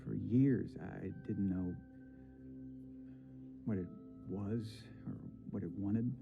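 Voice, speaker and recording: Gravelly, weary TV drama man. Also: on the low side, slow pace, narrow, tinny audio. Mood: confiding. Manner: quiet, confiding. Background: music score.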